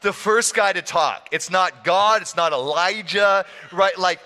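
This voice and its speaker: A man preaching a sermon as a pastor, telling the story in an animated, playful way with frequent laughs. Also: high voice, a little slow. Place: church hall. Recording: long church hall reverb.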